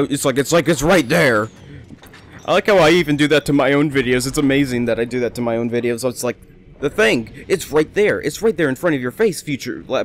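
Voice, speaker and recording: Rambling young man commentating a game. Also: medium pitch. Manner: rambling, chatty, self-amused. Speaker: let's play host. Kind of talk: casual gameplay commentary.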